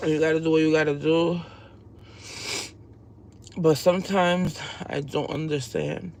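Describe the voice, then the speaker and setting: A woman's voice: deep voice, fairly even intonation, measured pace, darkish tone, a little hiss or hum. A woman venting on a live stream, upset and close to tears as she rambles through her troubles at work. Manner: upset, tearful, rambling confessional. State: on the verge of tears. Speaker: livestreamer.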